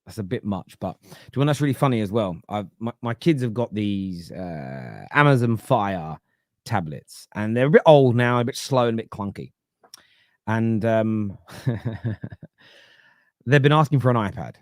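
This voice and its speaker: A man in his thirties chats casually on a football stream, reading out comments. His pitch swings widely as he laughs and repeats words for emphasis. The sound is dry and close, with no room around him. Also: animated, a little slow, dry recording. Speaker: football podcast host.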